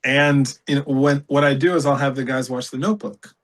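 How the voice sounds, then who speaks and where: A man in his thirties chatting as a podcast guest. He rambles, swears and stacks fillers in an animated run. His pitch sits in an ordinary middle range. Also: brisk. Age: 30s. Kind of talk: casual chat.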